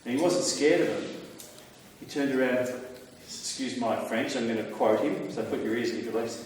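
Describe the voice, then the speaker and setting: A man's voice: mid-range voice, brisk, darkish tone, a little hiss or hum. A man with an Australian accent, talking emphatically and casually to a live audience as the speaker taking questions. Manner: emphatic, conspiratorial storyteller. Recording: echoey hall, voice from far off.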